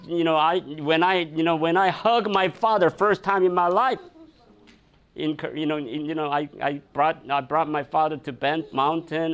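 A man's voice: fairly high pitch, clear, resonant tone. A man preaching a sermon, telling a personal story with many fillers, restarts and laughs. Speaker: pastor.

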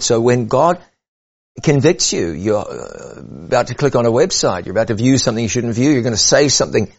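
A man delivering a sermon in an earnest, measured way, his voice rising and falling to press each point. His pitch sits in the middle, neither deep nor high. The recording is somewhat dull and lo-fi. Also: very animated. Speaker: preacher.

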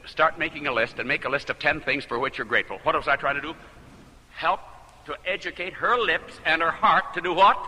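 A man preaching a sermon, telling a story and moving between loud exclamations and hushed, confiding words. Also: high voice, long reverb tail, rough recording.

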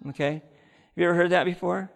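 Gravelly man preaching in a reverberant hall. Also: high-pitched, fairly even intonation, fast talker. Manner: earnest storytelling, addresses audience directly. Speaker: preacher giving his testimony. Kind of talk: testimony sermon.

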